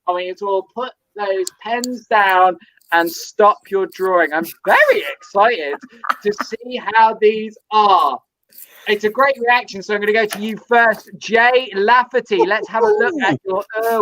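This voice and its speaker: A woman hosting an online comedy show over a video call, bubbly and quick to laugh. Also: on the high side, animated, fairly bright tone, dry recording, low-quality recording. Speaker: host.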